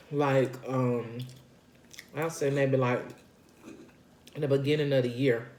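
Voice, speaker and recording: A woman's voice: low voice, darkish tone. A woman vlogger chatting casually while eating on camera, folksy and talkative, circling back to repeat her points between bites. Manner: talks between bites of food. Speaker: vlogger sharing her weight-loss journey. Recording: echoey room.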